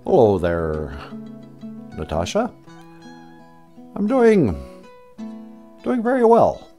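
A man doing an impression of a former male president, speaking slowly and deliberately with pauses between words. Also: mid-range voice, huge pitch swings, dark tone, soft background music, pitched below the performer's own voice, exaggerated voice. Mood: solemn.

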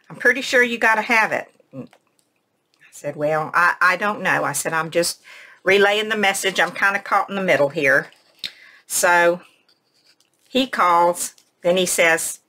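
A woman, a craft vlogger, casually telling a personal story in a soft, emotional way and retelling conversations word for word. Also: fairly low pitch. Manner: rambling, retells conversations in quotes.

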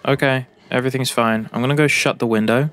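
A man's voice: mid-range voice, steady tone, quick pace, fairly bright tone. A young British man giving joking commentary while playing a game, talking to the characters on screen. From Britain. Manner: jokey, talks to the game characters. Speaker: gaming YouTuber.

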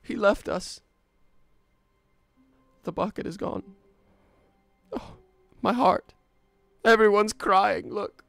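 A man's voice: high voice, slow pace, gravelly, pauses often, a bit bright, dry recording, faint music behind, pitched above the performer's own voice, heavily acted. Man putting on a weepy British melodrama voice. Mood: melodramatic grief. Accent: British, put on. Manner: overwrought, gushing, sobbing theatrics. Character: tearful melodramatic young man losing his bucket.

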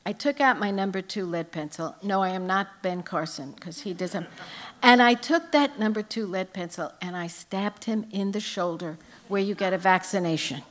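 An older woman tells humorous stories from her life with lively, anecdotal timing. She speaks as a guest author at a live book event. Her voice sits at an ordinary middle pitch. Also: moderate pace, a little hiss or hum. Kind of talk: storytelling on stage.

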